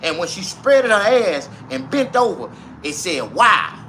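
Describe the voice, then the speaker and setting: A man's voice: high voice, sing-song, a little slow, fairly bright tone, a little hiss or hum. A man in his forties telling a crude, rambling comic story who often laughs at his own punchlines. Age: 40s.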